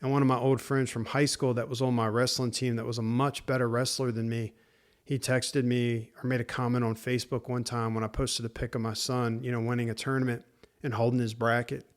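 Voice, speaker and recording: A man's voice: mid-range voice, flat delivery, fairly quick. A middle-aged man hosting a podcast who gives fathers faith-based encouragement. He is earnest and emphatic and talks to listeners directly as "man" and "guys". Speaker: podcast host.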